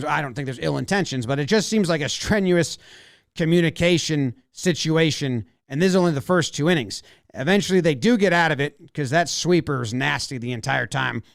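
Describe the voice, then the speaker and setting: Brief: male baseball analyst, high, bouncy voice, dry close sound, playful play-by-play breakdown. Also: a little fast, creaky, no echo. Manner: animated, acts out players' imagined lines.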